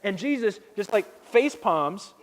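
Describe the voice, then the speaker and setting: A man's voice: sits high, expressive, slow pace. A male pastor giving a sermon, telling stories in a casual, humorous way with slang.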